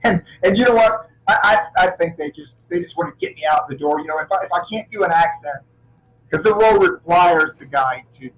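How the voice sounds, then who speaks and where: Guesting on a casual interview, this middle-aged action movie actor speaks briskly, his voice on the high side. He tells lively anecdotes, often restarting sentences, and the recording quality is rough.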